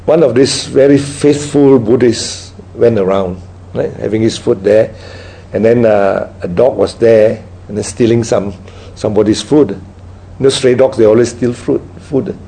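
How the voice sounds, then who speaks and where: A man's voice: mid-range voice, steady tone, gravelly, mellow, rough recording. A man teaching as a Buddhist teacher in a dharma talk, telling stories and checking in with his listeners with a constant "right?". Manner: tag questions like "right?" after nearly every point; unhurried, storytelling delivery. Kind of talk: dharma talk with audience questions.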